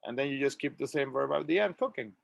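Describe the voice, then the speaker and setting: A man teaching an English grammar lesson, reading model sentences slowly and clearly for students to repeat. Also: mid-range voice, animated, no room sound. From Latin America. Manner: slow, drawn-out model sentences.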